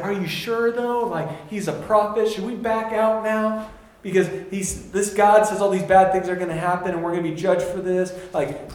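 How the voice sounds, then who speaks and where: A young man giving a casual sermon, animated and laughing, acting out voices in his stories. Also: high-pitched. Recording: very echoey room with faint ambience.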